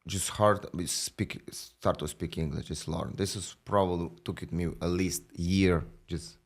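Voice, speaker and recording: A young man from Ukraine with a Ukrainian accent, a professional boxer chatting in an interview in halting, non-native English, full of fillers and restarts. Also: low-pitched, steady tone. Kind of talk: casual interview chat.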